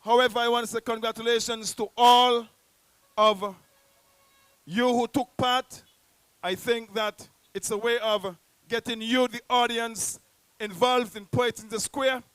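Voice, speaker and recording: A man's voice: very high voice, flat delivery, normal speed, a bit bright, clean tone, no echo. A man with a Nevisian accent hosting a poetry event in a public square, rousing the crowd like a theatrical announcer. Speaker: host. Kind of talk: live event emcee.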